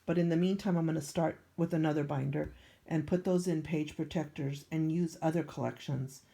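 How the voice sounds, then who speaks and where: Her voice is low and warm with vocal fry, the intonation fairly even and the pace a little fast. This older scrapbooking vlogger casually shows off her pages, meandering and saying um often.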